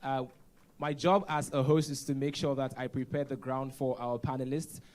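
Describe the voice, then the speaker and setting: A man's voice: medium pitch, little pitch movement, moderate pace, a little mellow. A man hosting a conference on stage, joking with the audience. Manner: playful, jokes with the audience. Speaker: conference host. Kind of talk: live event hosting.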